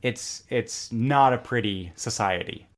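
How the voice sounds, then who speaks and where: A man's voice: medium pitch, slow. Storytelling male podcast guest. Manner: animated, acts out quoted lines in a joke. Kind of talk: conversational storytelling.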